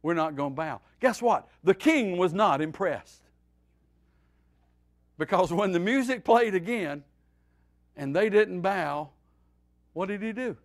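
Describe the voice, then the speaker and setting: A man, a pastor, teaching a Bible study in a folksy, animated preaching style that swings between loud and quiet. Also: high voice, takes it slowly, long pauses.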